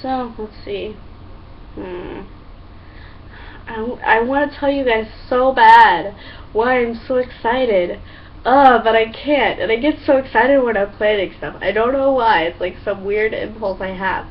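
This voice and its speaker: Chatty, excitable young woman vlogging. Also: fairly high pitch, unhurried, distant mic. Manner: chatty and excitable, full of fillers and acted-out quotes. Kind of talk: casual storytelling to camera. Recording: dull lo-fi sound, a bit off-mic, faint hum.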